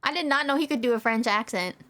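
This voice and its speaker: A woman's voice: a little high, fast, sharp tone. Giggly young woman streamer. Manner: playful, giggly, rambling. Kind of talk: casual gaming commentary.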